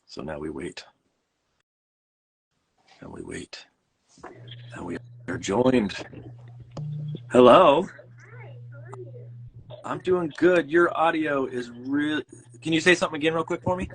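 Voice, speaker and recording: A man's voice: medium pitch, wildly swooping pitch, slow, long pauses, slight background noise, low-quality recording. Rambling Midwestern man hosting a stream. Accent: Midwestern American. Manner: rambling, self-correcting, jokey. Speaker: host. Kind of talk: casual livestream chat.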